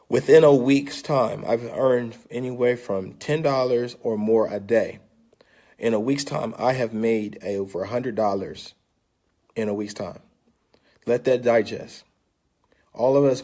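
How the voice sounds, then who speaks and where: An older man speaks straight into his phone camera in a relaxed, persuasive vlog. His delivery is salesy and coaxing, and he keeps nudging the listener along. His voice sits at an ordinary male pitch. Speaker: vlogger pitching an investment. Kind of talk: casual persuasive vlog talk.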